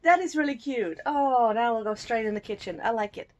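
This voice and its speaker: Woman, from Germany, unboxing vlogger, casual chat, cooing, giggly, slightly high voice. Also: very animated, normal speed, hardly any pauses. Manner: chatty, cooing over cute items, giggly.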